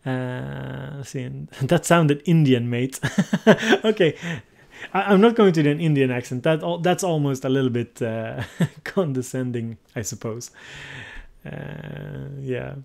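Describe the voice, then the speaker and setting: A man's voice: mid-range voice, a little slow, vocal fry, darkish tone. A male livestream host chats easily with his viewers and answers their comments as he goes. He thinks aloud and now and then stops to search for the right English word.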